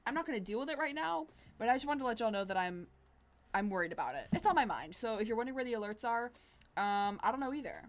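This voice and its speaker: A young woman in her twenties streaming a dating game, chatting casually, excitable and giggly, swearing now and then. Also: on the high side, quick pace. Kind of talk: casual gameplay commentary.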